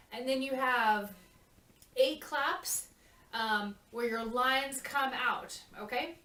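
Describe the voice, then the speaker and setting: A woman's voice: on the high side, fairly even intonation, takes it slowly, a bit bright, slight background noise. A woman walking a youth cast through a dance routine, chatty and often checking in with "okay?". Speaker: choreographer. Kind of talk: dance walkthrough. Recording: echoey room, mic at a distance.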